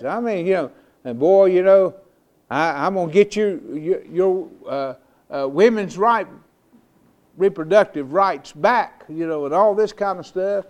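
A man's voice: high-pitched, measured pace. Older man preaching in a folksy drawl. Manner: folksy storytelling, rising to loud emphatic preaching. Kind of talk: sermon.

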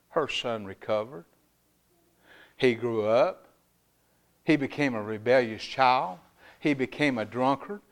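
A middle-aged man from North Carolina, preaching a fervent sermon with sudden loud rises and quiet drops. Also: medium pitch, creaky. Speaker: pastor.

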